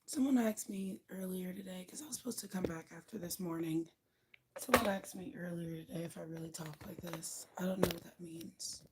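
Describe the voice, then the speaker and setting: A woman hosting a late-night livestream, talking softly and half-whispered in a raspy, worn-out voice, unhurried and blunt. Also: lowish voice, heavy background noise. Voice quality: soft, half-whispered talk. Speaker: livestream host.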